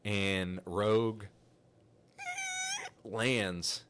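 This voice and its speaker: A man hosting a podcast, telling a story in a casual, animated, rambling way with frequent restarts. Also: fairly low pitch, very slow, a little hiss or hum. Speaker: podcast host.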